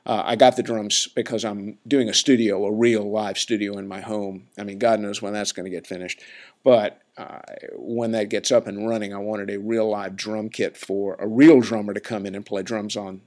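A man's voice: fairly low pitch, level tone, moderate pace, a little mellow. A man hosting a podcast, telling stories in a chatty, laid-back way with lots of fillers and restarts. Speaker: podcast host. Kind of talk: casual rambling storytelling.

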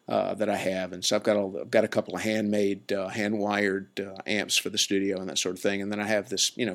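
A man with a fairly low voice chats through his podcast in a loose, rambling way. He wanders between stories, piling up fillers and restarting his sentences as he goes. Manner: chatty, laid-back, lots of fillers and self-corrections. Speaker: podcast host. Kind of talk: casual rambling storytelling.

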